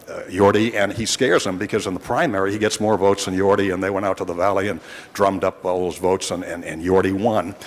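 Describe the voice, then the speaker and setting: In a big-sounding chamber, a fairly low-voiced man in his sixties, a reporter of many years, shares rambling, dry-humored stories with the city council, often backing up to begin again.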